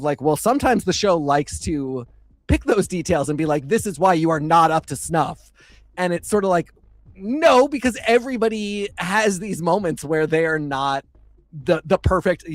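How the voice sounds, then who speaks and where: A man's voice: fairly high pitch, dry recording. A man co-hosting a casual podcast, talking at length with many fillers and asides. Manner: chatty, digressive, many fillers. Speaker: podcast co-host. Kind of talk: casual chat.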